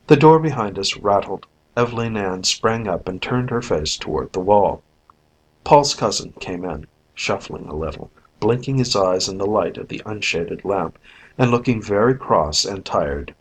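Low, husky male audiobook narrator. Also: expressive, measured pace, low-quality recording. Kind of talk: scripted narration.

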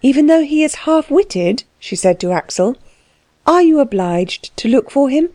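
A woman's voice: high-pitched, big pitch swings, normal speed, dark tone, dry recording, pitched above the performer's own voice. A woman reading the lines of a tired, spirited young noblewoman in an audiobook, in a weary, impulsive manner.

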